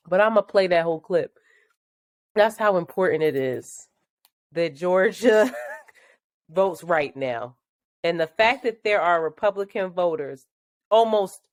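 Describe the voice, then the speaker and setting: Woman, chatty podcast co-host, expressive pitch, dry close mic. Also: dry recording. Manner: animated, laughing, chatty. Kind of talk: casual chat.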